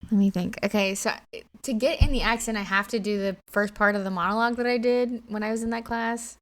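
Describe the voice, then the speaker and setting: A woman co-hosting a casual podcast, telling stories in a lively way and laughing often. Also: medium pitch, a little fast. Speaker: podcast co-host. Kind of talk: casual storytelling chat.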